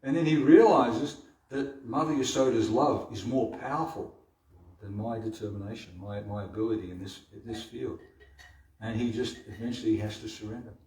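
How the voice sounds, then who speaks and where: A man leading a devotional scripture class, retelling the story with halting repeats and restarts. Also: on the low side, warm tone. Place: temple hall. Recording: roomy hall from far off.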